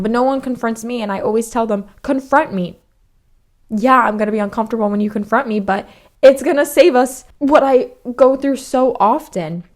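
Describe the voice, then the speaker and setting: A young woman hosting a solo podcast, talking frankly and confessionally, swearing freely and acting out past conversations. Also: fairly high pitch. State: slightly out of breath. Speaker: podcast host. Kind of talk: candid solo podcast monologue.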